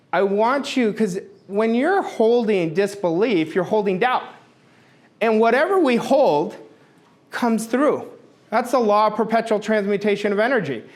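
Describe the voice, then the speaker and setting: Emphatic high-voiced male motivational speaker. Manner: emphatic, repetitive, blunt with mild swearing. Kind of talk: motivational talk to an audience.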